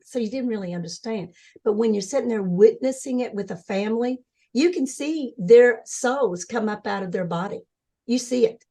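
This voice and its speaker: An older woman as an interview guest, telling her story in an earnest, animated way and acting out what others said. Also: medium pitch. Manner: earnest, animated storytelling, acts out quoted voices. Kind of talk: conversational interview.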